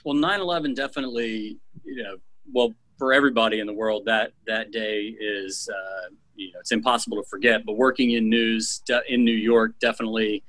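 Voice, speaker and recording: Thoughtful guy as a guest, talks slowly w/ lots of ums, dry close sound. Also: fairly low pitch, steady tone, fairly bright tone, no echo, rough recording. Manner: reflective, many fillers and restarts. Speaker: guest, teacher and former TV news editor. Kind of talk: casual interview chat.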